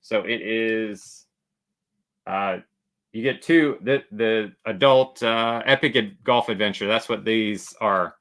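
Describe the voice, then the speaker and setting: A man's voice: on the low side, takes it slowly, a bit bright. A man hosting a casual travel livestream, chatty and joking as he reads viewer comments aloud. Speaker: travel channel host.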